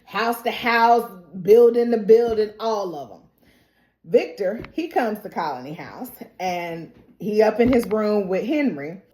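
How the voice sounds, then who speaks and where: A woman recapping a TV episode in a lively, casual, very reactive way. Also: medium pitch, a little slow. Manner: lively, colloquial, reacts loudly. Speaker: TV recap YouTuber. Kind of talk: animated show recap. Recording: roomy echo.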